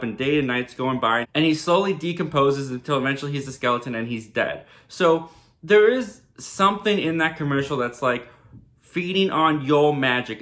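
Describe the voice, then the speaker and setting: Man TV reviewer, casual recap, chatty filler words, brightish and a bit high. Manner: chatty, heavy with "like" and "kinda".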